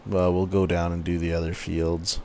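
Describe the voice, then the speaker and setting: A man's voice: low-pitched, level tone, moderate pace, dark tone, slight background noise. A man chatting casually while gaming, rambling through a story with lots of fillers. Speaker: co-host.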